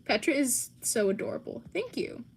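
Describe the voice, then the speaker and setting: A woman's voice: on the high side, sing-song, normal speed, vocal fry, slight background noise. Chatty young American woman streamer. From United States. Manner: chatty, lots of ums and likes. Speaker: livestream host. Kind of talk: casual livestream chat, reading chat questions.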